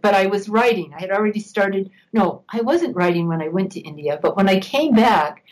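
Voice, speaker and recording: A woman's voice: medium pitch, expressive, brisk, poor audio. An older woman, a guest on an interview show, reminiscing at length with an occasional laugh. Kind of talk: interview storytelling.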